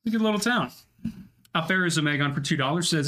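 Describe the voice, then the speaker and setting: A man's voice: a little high, lively intonation, fast talker, pushed and bright. A man co-hosting a podcast, laid-back in casual chat, reading out viewer donations with brief reactions.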